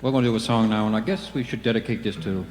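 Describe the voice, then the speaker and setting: Musician bantering on stage. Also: male voice, on the low side, steady tone, rapid-fire, a loud crowd, heavy background noise. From Newfoundland. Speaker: comedian and musician. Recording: live stage recording in an echoey hall.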